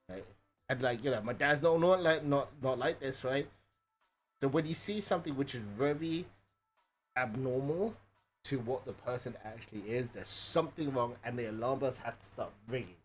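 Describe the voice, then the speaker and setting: A man's voice: mid-range voice, brisk. A man talks casually to his stream viewers at a desk microphone, rambling along with fillers and tag questions. He swears freely and keeps checking that chat is following. Faint music sits under his voice. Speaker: live streamer.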